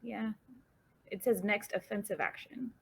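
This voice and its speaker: A woman's voice: medium pitch, fairly even intonation, unhurried, vocal fry, slightly rough. A woman playing in an online tabletop game, talking hesitantly with many ums over a headset. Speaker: player. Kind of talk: casual game chat. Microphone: headset on a voice call.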